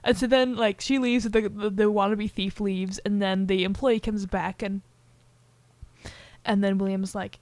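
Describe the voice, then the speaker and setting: A woman's voice: medium pitch, fairly even intonation, a little fast, no room sound. A young woman co-hosting a casual podcast, retelling a film scene by scene and acting out the characters' lines with many fillers. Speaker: podcast co-host. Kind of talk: casual chat, retelling a movie.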